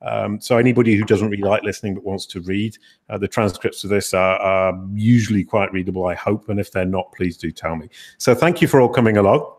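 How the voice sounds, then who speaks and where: Chatty man hosting a webinar, low voice. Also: brisk. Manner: chatty, self-deprecating, restarts often. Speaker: webinar host. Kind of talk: casual webinar moderating.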